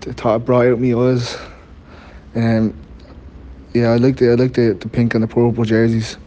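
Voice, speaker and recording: A man's voice: medium pitch, completely flat delivery, normal speed, mellow, highs cut off, a little hiss or hum. A young man answering questions in casual chat, hesitant with dry humour.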